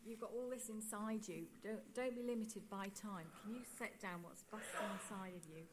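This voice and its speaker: Woman, mid-pitched, earnest encouraging voice, noisy recording. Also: fairly even intonation, normal speed. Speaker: congregation member. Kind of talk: speaking up during a church service. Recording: noisy background.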